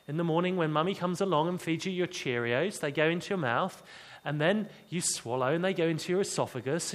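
A man playing a teacher figure, gently sarcastic and mock-exasperated, speaking to a class as if to children. His voice sits fairly high and quickens as the explanation runs on. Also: close to an everyday voice.

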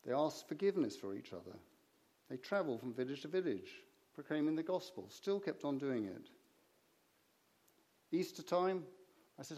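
A man's voice: on the high side, big pitch swings, moderate pace, pauses often, a little mellow. A man preaching a sermon, telling stories and acting out the conversations in them. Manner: anecdotal, acts out conversations in his stories.

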